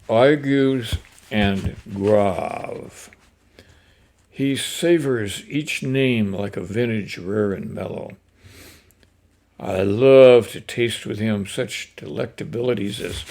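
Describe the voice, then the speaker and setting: Male host, slow and gravelly, reads poems aloud with offhand asides. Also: mid-range voice, darkish tone. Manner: unhurried, with fillers and throat-clearing. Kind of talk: poetry reading with casual asides.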